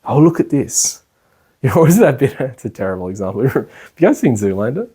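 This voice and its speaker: Husky man teaching meditation. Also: mid-range voice, very animated, fast, mellow. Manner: rambling, chatty, laughs while explaining. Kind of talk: casual spoken lecture. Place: indoor class room.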